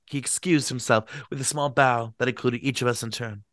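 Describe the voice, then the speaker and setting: A man's voice: medium pitch, steady tone, fairly quick, few pauses, a bit bright, no echo, studio quality. A man hosting a book reading, narrating with playful jokey asides. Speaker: host and reader. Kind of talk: book reading with comedic commentary.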